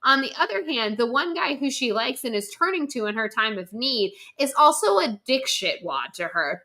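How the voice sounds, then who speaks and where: Bright, emphatic young woman ranting. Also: fairly high pitch, moderate pace, hardly any pauses. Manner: emphatic, animated, swears freely. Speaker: podcast co-host. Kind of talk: casual ranting chat.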